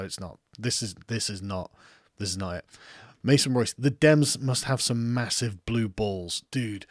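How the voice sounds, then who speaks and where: A man's voice: mid-range voice, dry recording, clean studio sound. A young adult English man with an English accent, rambling and laughing as he reads viewer comments on a casual livestream. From England. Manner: rambling, laughs often, swears freely, self-mocking. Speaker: political commentary streamer.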